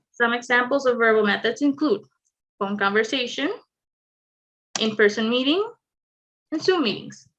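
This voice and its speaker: A woman leading an online communication skills workshop, explaining clearly and adding light humorous asides. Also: a little high, fairly bright tone. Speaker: workshop presenter. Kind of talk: online training presentation.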